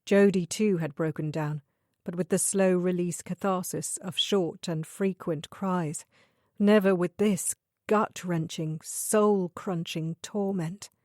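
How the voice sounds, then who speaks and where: A woman narrates a thriller audiobook in a measured, even manner. Her pace is slow and her voice sits low, recorded dry and close. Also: no echo. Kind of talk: scripted narration.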